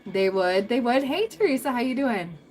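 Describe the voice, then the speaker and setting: A woman's voice: a little high, animated, moderate pace, darkish tone, soft background music, poor audio. A young adult woman hosting a tarot livestream, chatting casually with viewers, rambling through stories and laughing often.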